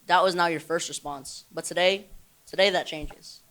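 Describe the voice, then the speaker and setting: A man leading an altar call in a church service, earnest and measured. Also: fairly high pitch, steady tone, pushed and bright.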